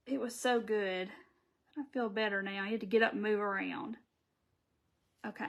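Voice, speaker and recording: A woman from the Southern United States with a Southern American accent hosts a casual live crafting tutorial, chatting and reading viewer comments aloud as she works. Her medium-pitched voice is gravelly and steady, at a normal speed with frequent pauses.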